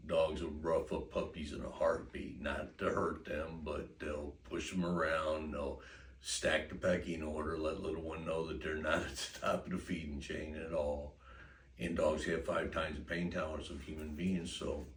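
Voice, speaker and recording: A man's voice: extremely low pitch, slight background noise. A man giving casual, folksy, rambling dog-training advice, chuckling often. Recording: roomy, distant mic, faint ambience.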